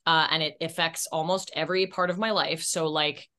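A woman's voice: deep voice, fairly even intonation, moderate pace, bright, forceful tone. A woman actress as a podcast guest, telling candid, self-deprecating stories in casual chat.

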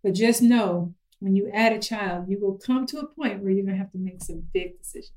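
A middle-aged woman chatting casually about parenting, telling stories lively and acting out her kids' voices. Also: medium pitch, brisk, rough recording. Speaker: guest parent.

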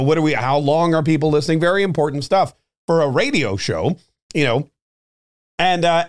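Rambling man hosting a podcast. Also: on the high side. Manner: rambling, conversational, with frequent fillers and restarts. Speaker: podcast and radio host. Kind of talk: casual monologue.

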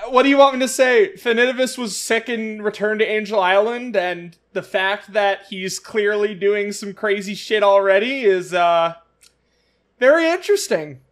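A man co-hosting a podcast, reacting to comics with excitable, gushing fan enthusiasm. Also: sits high, moderate pace. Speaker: podcast co-host. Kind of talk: casual fan chat.

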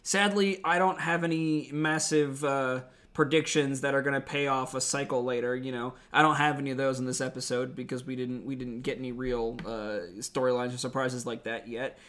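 A man's voice: mid-range voice, steady tone, moderate pace, few pauses, fairly bright tone. A young adult man co-hosting a podcast, recapping wrestling in casual, rambling chat full of fillers, with a wry tone. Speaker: podcast co-host.

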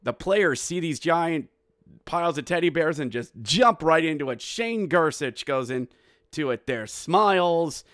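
A man hosting a hockey podcast, recapping a game with animated play-by-play and bursts of yelling. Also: a little high, a little slow, no room sound, studio quality. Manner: animated, yells play-by-play with goal calls. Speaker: podcast host.

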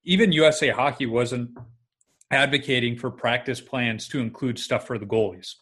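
A man's voice: medium pitch, moderate pace, fairly bright tone, breathy edge. A man hosting a casual conversation and telling chatty anecdotes.

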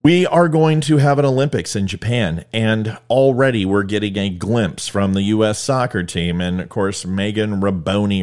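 A man's voice: lowish voice, a little mellow. Rambling joking male host. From California. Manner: rambling, joking, self-mocking. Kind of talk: casual monologue to viewers.

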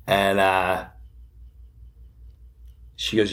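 A middle-aged comedian tells a personal story with animated, restless energy. He jumps back on his own words and adds asides as he goes. His voice sits on the lower side. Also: unhurried. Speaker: comedian host. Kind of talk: comic storytelling.

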